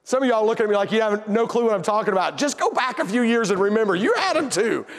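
Male preacher, folksy storytelling, humorous, high voice, reverberant hall. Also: expressive, quick pace. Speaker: pastor. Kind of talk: sermon storytelling.

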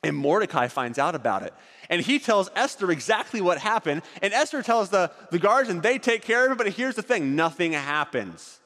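Animated man telling a Bible story. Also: high-pitched, normal speed, big-room sound. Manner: animated, directing volunteers on stage.

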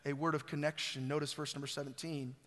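A male pastor preaching an Easter sermon, swelling to loud emphasis and dropping to quiet, recorded in a church sanctuary. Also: a little high, level tone, quick pace. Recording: church hall reverb.

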